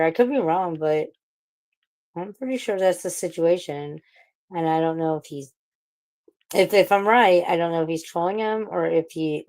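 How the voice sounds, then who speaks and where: Lowish-voiced woman ranting profanely. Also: a little mellow. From St. Louis, USA. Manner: profane, ranting, rambling with restarts. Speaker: livestream panel participant. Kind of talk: casual livestream chat.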